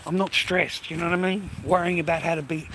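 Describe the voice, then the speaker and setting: A man's voice: fairly high pitch, flat delivery, fast talker, noisy background. A man with an Australian accent, talking to his phone in a loose, rambling way while out walking, swearing freely and calling listeners mate and bro. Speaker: vlogger. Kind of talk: rambling casual monologue to camera.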